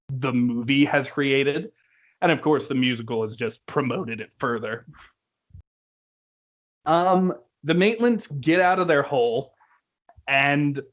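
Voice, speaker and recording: A young man reviewing a musical in casual chat, laughing often and quoting lines in put-on voices. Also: mid-range voice. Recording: dull lo-fi recording.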